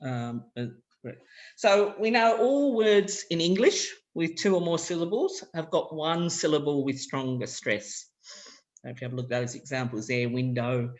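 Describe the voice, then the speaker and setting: Walking language teachers through examples in a practical workshop, this Australian man explains his ideas in a loose, conversational manner. His voice is fairly high in pitch.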